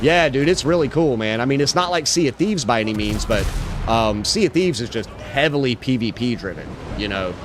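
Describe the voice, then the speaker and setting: A man's voice: mid-range voice, lively intonation, a little fast, background noise. Laid-back streamer man saying bro a lot. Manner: laid-back, swearing, lots of "bro" and "dude". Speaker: livestreamer. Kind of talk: casual chat while gaming.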